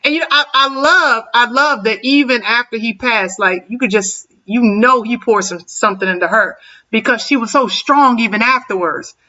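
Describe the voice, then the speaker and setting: Bright high-voiced woman, lively. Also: normal speed. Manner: lively, laughs often, preacherly emphasis. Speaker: panelist. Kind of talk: casual panel chat. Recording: distant dull-sounding mic.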